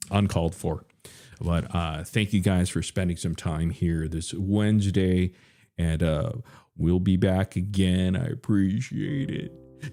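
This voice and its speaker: A man's voice: low-pitched, dark tone. A man hosting a livestream, ranting bluntly and profanely with many hesitant fillers. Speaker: livestream host.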